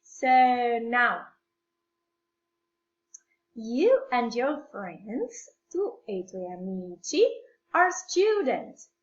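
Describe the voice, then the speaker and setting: A woman with an Italian accent teaching English at a very slow, patient pace, her voice pitched a little high. She repeats short phrases carefully for her pupils. The sound is dull and lo-fi, in an echoey room at home. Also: big pitch swings. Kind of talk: slow classroom explanation mixing English and Italian.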